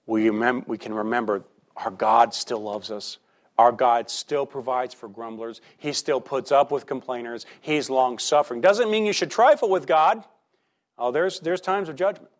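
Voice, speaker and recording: A man preaching a sermon as pastor, in a conversational style full of rhetorical questions, swinging between loud emphasis and quiet asides. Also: mid-range voice.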